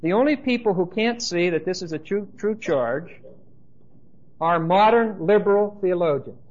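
Man preaching, emphatic, dry humor, slightly high voice, muffled lo-fi sound. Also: lively intonation, normal speed, a little mellow. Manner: emphatic, dry humor, addresses listeners directly. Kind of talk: sermon.

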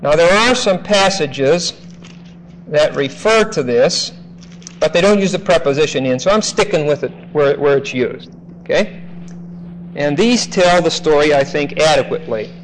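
A man teaching a classroom Bible lecture, slow and emphatic, often checking in with "okay?". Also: on the high side, animated, slight background noise, low-quality recording.

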